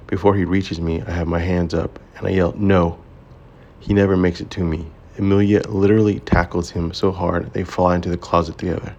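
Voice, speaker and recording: A man reading a romance story aloud as its narrator, in a steady, measured way. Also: low voice, gravelly, dull audio. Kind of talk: scripted audiobook narration.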